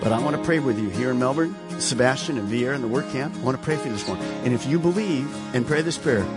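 A man's voice: mid-range voice, animated, quick pace, loud music behind the voice. A man, a pastor, preaching a sermon with rhetorical questions and earnest appeals. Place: church sanctuary.

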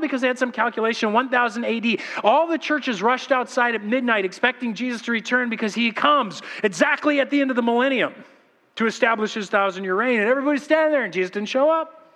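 A pastor preaching to his church, his bright, forceful voice carrying a long echo through the sanctuary. He tells stories with animation and slips into other people's voices as he goes. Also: very high voice, fast talker. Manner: animated storytelling, acts out voices. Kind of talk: sermon.

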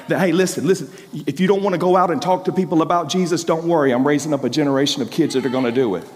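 A man giving a sermon testimony, telling his story emphatically with repeated phrases, rising to loud bursts and dropping to hushed, low passages. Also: quick pace. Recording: long reverb of a large hall.

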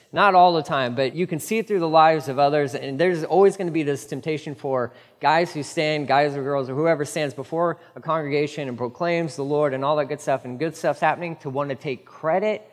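Animated pastor preaching in a reverberant hall. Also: male voice, fairly high pitch, a little fast. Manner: animated storytelling, acting out quoted voices with casual slang. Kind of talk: sermon. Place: church stage.

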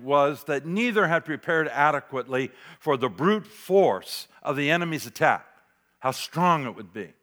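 Dramatic preaching pastor, man. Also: medium pitch. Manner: dramatic, varies loudness, drops to near whisper for emphasis. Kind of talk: sermon.

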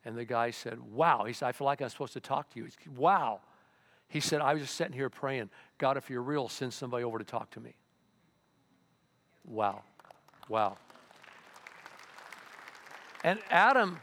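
Older male pastor preaching with loud bursts. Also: a little high. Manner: conversational preaching, jumps to loud excited bursts. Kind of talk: sermon.

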